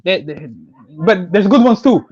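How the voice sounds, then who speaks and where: A man from South Sudan hosting a casual podcast chat, rapid and talking over his guest. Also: high voice, expressive, a little mellow, husky, highs cut off. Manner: rapid, talks over others. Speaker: podcast host.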